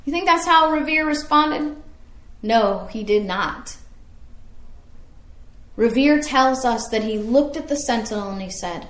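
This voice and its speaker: A woman's voice: a little high, expressive, unhurried, pauses often, fairly bright tone, reverberant. A woman teaching history as a story, asking her listeners questions along the way. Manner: storytelling, asks the audience questions.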